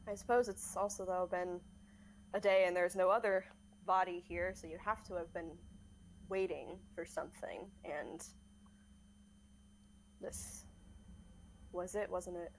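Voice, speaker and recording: A woman voicing a sharp-tongued young male vampire who speaks in clipped, curt phrases. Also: on the low side, steady tone, measured pace, pauses often, a little hiss or hum, low-quality recording. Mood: tense.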